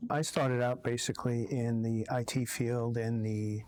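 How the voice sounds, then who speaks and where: Man in his fifties, guest, measured and matter-of-fact, mid-pitched. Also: level tone, darkish tone. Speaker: guest, chapter president. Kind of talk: interview answers.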